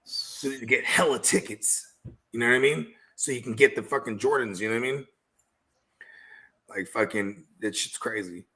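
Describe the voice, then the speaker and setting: A man's voice: mid-range voice, moderate pace, sharp tone. A man chatting casually with a friend, laid back, speaking in slang with lots of "you know what I mean.". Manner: laid-back slang, many fillers and restarts. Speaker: guest friend. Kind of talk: casual chat.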